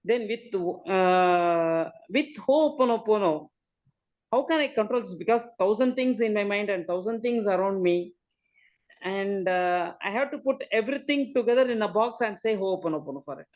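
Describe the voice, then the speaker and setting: A woman's voice: medium pitch, lively intonation, normal speed, darkish tone. A woman asking questions on a call, hesitant and full of fillers. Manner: hesitant, many fillers and okays. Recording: dull call audio.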